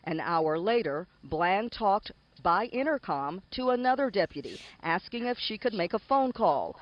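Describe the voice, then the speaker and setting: Male news reporter, high voice, muffled broadcast clip. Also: sing-song, measured pace. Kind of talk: scripted news narration.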